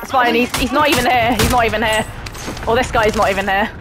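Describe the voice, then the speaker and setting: A woman playing a shooter game with friends, excitable, swearing and laughing a lot in casual chat. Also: a little high, fast talker, background noise. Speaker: gamer streamer. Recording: with loud game music.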